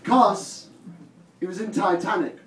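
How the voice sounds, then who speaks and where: A man's voice: high-pitched, a little slow, a crowd in the background. A man from the north of England with a Teesside accent doing a profane, rambling stand-up set and laughing at his own jokes. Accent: Teesside English. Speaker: stand-up comedian. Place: comedy club stage. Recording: roomy distant live club recording, noisy.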